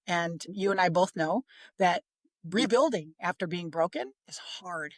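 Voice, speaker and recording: A middle-aged woman talking about parenting on a podcast, chatty and expressive, sometimes acting out what others said. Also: fairly low pitch, a little slow, no echo. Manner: chatty, expressive, acts out quoted voices. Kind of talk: casual podcast conversation.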